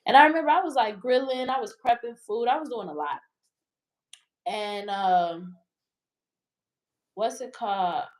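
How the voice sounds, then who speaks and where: Candid, slightly high-voiced woman. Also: measured pace, long pauses. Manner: candid, rambling, swears freely. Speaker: guest. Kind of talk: casual storytelling interview.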